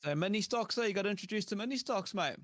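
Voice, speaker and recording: A man's voice: high-pitched, lively intonation, fast talker, no room sound, clean studio sound. A man hosting a casual chat, matey and upbeat. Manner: matey and upbeat, says "mate" and "bro". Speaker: podcast host.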